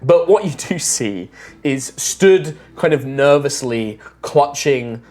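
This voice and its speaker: A woman's voice: a bass voice, animated, slow, darkish tone. A woman narrating as game master of a tabletop game, describing scenes in a loose, rambling way full of fillers.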